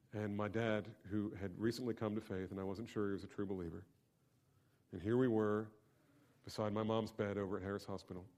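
A man preaching a sermon, shifting from hushed, intimate storytelling to loud, emphatic build-ups. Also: on the low side. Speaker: pastor.

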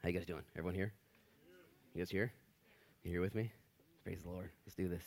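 A man preaching a casual, jokey sermon in a church. He swings from loud, excited bursts to hushed whispers. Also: low-pitched, a little fast, pauses often. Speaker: pastor. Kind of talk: expository sermon. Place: church sanctuary.

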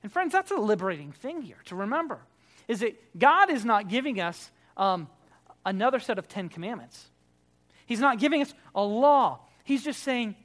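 A man, a Baptist pastor preaching a sermon, emphatic and swinging between loud declarations and quiet, soft prayer. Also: sits high, big pitch swings, moderate pace.

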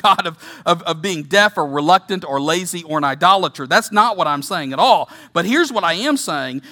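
High-voiced, bright-toned male preacher. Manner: impassioned, rising to emphatic rhetorical questions; reads scripture slowly and deliberately. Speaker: pastor. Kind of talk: sermon.

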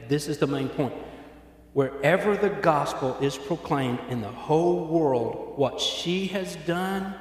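A man's voice: fairly high pitch, measured pace. A man preaching a sermon in a casual, joking way, acting out little voices as he retells the story. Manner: conversational and joking, acts out voices. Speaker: pastor. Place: church hall with congregation. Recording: echoey hall.

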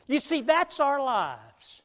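High-pitched guy preaching, gets loud then drops way down, long hall echo. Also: very animated, slow pace. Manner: emphatic preaching with big swings in loudness and pace. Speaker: pastor. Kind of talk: sermon.

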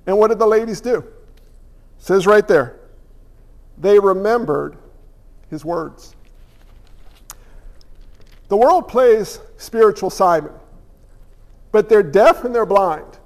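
A man preaching a sermon as pastor, animated and acting out little voices along the way. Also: high voice, takes it slowly, pauses often, in a large hall.

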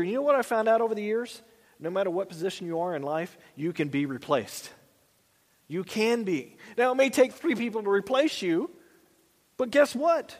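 Male pastor preaching, chatty and folksy, slightly high voice, echoey hall. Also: big pitch swings, moderate pace. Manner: conversational, folksy asides. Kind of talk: sermon.

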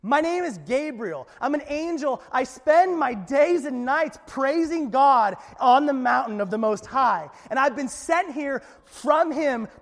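A man's voice: very high-pitched, lively intonation, unhurried, creaky, few pauses, big-room sound, voice pushed up, full character voice. A man preaching, acting out an affronted male angel who insists on his authority. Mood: indignant. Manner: emphatic, affronted. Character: indignant male angel messenger.

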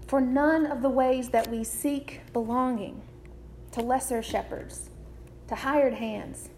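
A woman preacher delivering a sermon in a measured, deliberate way, repeating key phrases. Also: high-pitched, fairly even intonation, darkish tone, a little hiss or hum.

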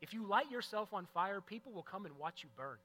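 A male pastor preaching a sermon in an earnest, emphatic way, moving between loud stresses and hushed moments. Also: sits high, lively intonation, brisk, poor audio.

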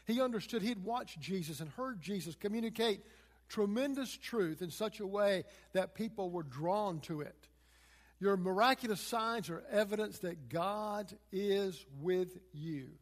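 A man's voice: sits high, unhurried, in a large hall. A man preaching a sermon, walking through scripture verse by verse and retelling it in plain, everyday words.

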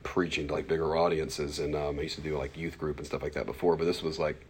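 A man in his mid-forties with a very low voice, teaching a Bible class. He talks quickly and loosely, with plenty of fillers, and keeps breaking into little acted-out voices to make his points. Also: background noise. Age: 40s. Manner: fast-talking, animated, lots of fillers and acted-out asides.

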